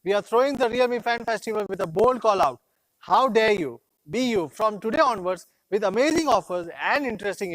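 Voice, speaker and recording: Brief: male executive, higher voice, proud rallying keynote, dry close mic. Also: a bit bright, dry recording, low-quality recording. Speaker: company executive presenting a product launch. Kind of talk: scripted keynote speech.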